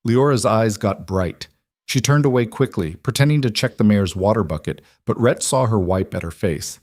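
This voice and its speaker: A man tells a scripted western story in a steady, measured voice. His voice sits fairly low and sounds dry and close, with no room around it. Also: no room sound. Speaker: narrator. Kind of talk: scripted narration.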